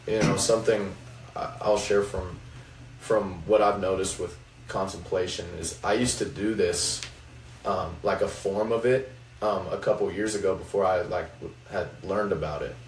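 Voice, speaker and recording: A man's voice: low voice, fairly even intonation, moderate pace. A young man, a college basketball player, reflectively telling a faith story with many fillers. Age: young adult. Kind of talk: faith-focused podcast chat. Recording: roomy, distant mic, faint noise.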